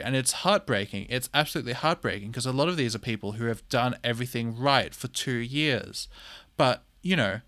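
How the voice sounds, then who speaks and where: A young man in his twenties holds forth alone on his podcast in a blunt, exasperated voice of middling pitch. He swears freely, circles back with repeated words and fillers, and sounds close to the mic in a dry, deadened space. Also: a little fast, a bit bright, no echo. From Australia. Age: 20s. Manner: repeats phrases for emphasis, many fillers. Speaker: podcast host. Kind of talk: opinionated solo podcast monologue.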